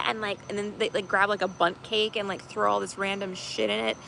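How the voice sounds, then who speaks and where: A woman's voice: medium pitch, level tone, a little fast, creaky, hardly any pauses, fairly bright tone, slight background noise, low-quality recording. A woman chatting casually on a livestream as a tarot reader host, rambling with many fillers and laughing easily. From United States.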